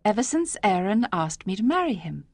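A woman reading a story aloud, voicing a gentle, hopeful young village girl who speaks earnestly. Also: medium pitch, big pitch swings, normal speed, no room sound, pitched above the performer's own voice.

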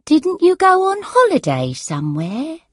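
A woman voicing a frail, forgetful elderly mother who speaks in a high, faltering and sometimes hushed way. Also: wildly swooping pitch, a little slow, no echo, studio quality, heavily acted. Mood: confused. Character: frail forgetful old mother, confused and weak.

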